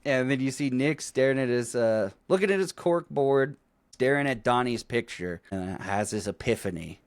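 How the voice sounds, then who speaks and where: Man, podcast co-host, lively swinging pitch, dry close sound, casual swearing recap. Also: moderate pace, no echo. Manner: animated, swearing, laughing recaps. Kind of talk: casual movie recap chat.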